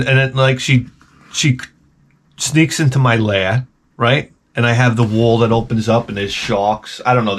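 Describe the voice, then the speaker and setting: A man's voice: mid-range voice, fairly bright tone. Rambling, profane comedic man. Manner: profane, joking, rambling tangents. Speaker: gaming channel host.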